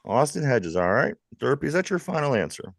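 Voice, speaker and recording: A man with a Pittsburgh accent hosting a live sports talk show, lively and jokey, reading trivia questions to his co-hosts. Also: medium pitch, brisk, gravelly, no room sound. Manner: lively, jokey, laughs often. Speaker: host.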